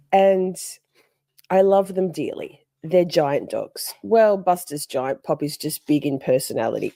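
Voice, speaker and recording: Animated woman telling a story. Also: low-pitched, vocal fry, no room sound, clean studio sound. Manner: animated, chatty, greets viewers mid-story, acts out voices. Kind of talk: casual live-stream storytelling.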